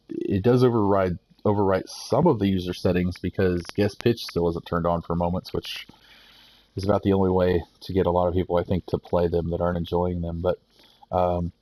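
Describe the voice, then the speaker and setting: Low mellow-voiced dude reading patch notes off his phone, rambly, lots of uhs. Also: low-quality recording. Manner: rambling, many restarts and fillers. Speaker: gaming YouTuber.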